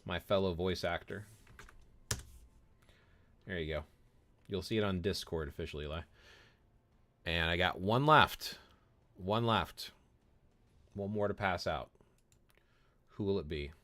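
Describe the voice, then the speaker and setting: A man's voice: low-pitched, measured pace, long pauses, a bit bright, no echo. A man live-streaming a mobile game in casual chat, greeting viewers by name, answering chat and often repeating words as he talks. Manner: chatty, friendly, repeats words and restarts often.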